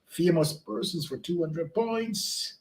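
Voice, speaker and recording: A man's voice: fairly high pitch, slow pace. A man co-hosting a trivia live stream, announcing scores and greeting viewers in an easygoing way. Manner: loose, easygoing delivery with warm greetings. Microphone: home desk mic. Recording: roomy echo.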